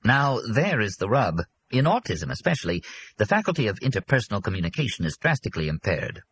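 A man voicing a self-satisfied middle-aged psychiatrist who speaks in a measured, lecturing way in an audiobook. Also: fairly low pitch, very animated, a bit bright, husky, voice pushed up, exaggerated voice.

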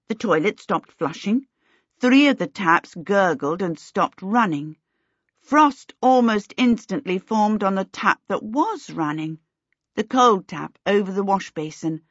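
Brief: woman audiobook narrator, measured and expressive, dry booth sound. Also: medium pitch, breathy edge, no room sound. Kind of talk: scripted storybook narration. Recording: dry, slightly dull recording.

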